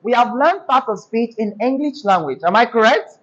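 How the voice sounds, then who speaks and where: A woman's voice: fairly high pitch, expressive, a bit bright, muffled recording. A woman teaching a diction class, asking questions and having pupils repeat after her. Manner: call-and-response prompting, deliberate.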